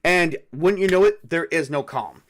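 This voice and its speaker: A man's voice: on the high side, moderate pace, a bit bright, a little hiss or hum. A man narrating and playing a solo tabletop game, thinking aloud with many fillers. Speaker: game master and solo player.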